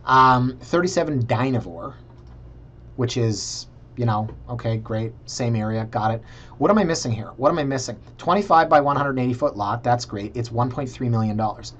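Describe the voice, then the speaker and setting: A man's voice: mid-range voice, animated, normal speed, a bit bright, muffled recording. A Canadian man casually talking viewers through property listings in a chatty, sarcastic way. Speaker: real estate vlogger.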